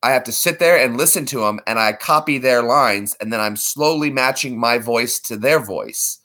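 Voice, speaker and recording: A man's voice: mid-range voice, normal speed, sharp tone. A man chatting casually in a vlog, rambling and laughing between attempts at impressions. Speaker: vlogger.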